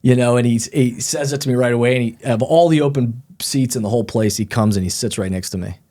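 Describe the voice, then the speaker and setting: A man's voice: medium pitch, fast talker. A middle-aged man, a guest author, telling stories in a casual interview and acting out the people in them. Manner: animated storyteller, acts out quoted people.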